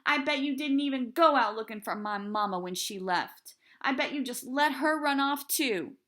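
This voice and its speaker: A woman reading aloud, voicing a stubborn ten-year-old girl who pleads and insists in a raised, higher voice. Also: expressive, normal speed. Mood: defiant.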